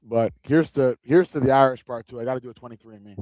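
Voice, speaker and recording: A man's voice: medium pitch, quick pace, darkish tone, dry recording. A man hosting a live fight watch-along, chatting casually and joking with loose, rambling restarts. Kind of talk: casual live-stream chat.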